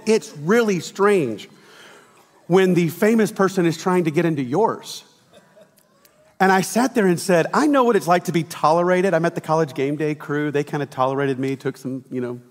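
A man preaching a sermon, telling stories in a chatty, self-deprecating way. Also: high-pitched. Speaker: pastor. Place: church sanctuary. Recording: long reverb of a large hall.

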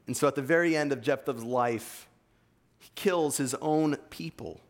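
A man's voice: mid-range voice, moderate pace. A man with an East Coast American accent preaching a sermon, reading scripture and pressing his points earnestly. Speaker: pastor. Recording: long hall reverb.

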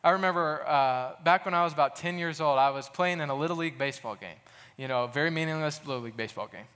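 A man's voice: a little high, quick pace, a bit bright, smooth. A young adult man preaching a sermon in an earnest, casual way, telling stories and often restarting his sentences. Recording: long hall reverb.

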